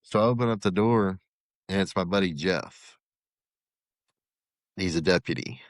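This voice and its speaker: Low-voiced man telling a story. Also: a little slow, no room sound, studio quality. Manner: animated, acts out quoted dialogue. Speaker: podcast guest, former corrections captain. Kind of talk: casual storytelling.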